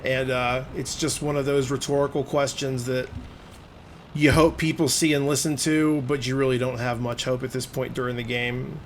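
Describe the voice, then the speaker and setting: A man's voice: medium pitch, flat delivery, normal speed, a little hiss or hum. A man narrating his own gameplay in a conversational voice-over, explaining each move and openly admitting when he gets frustrated. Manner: conversational, explaining play as it unfolds. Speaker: gaming video host.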